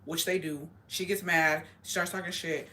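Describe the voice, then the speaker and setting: A young woman telling a story in casual chat, swearing constantly and talking in an animated way. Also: low-pitched, moderate pace, slight background noise. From rural area.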